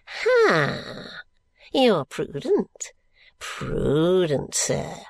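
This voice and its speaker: A woman voicing a frail, miserly old man who is out of breath and gasps out shrill exclamations. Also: huge pitch swings, drawn-out words, no echo, clean studio sound, exaggerated voice.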